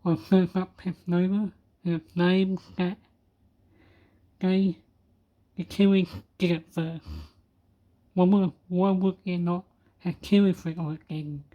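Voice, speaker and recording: A man's voice: sits high, little pitch movement, takes it slowly, long pauses, narrow, tinny audio. A man from Australia with an Australian accent, giving casual reaction commentary in a laid-back, blunt way. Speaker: reaction video host.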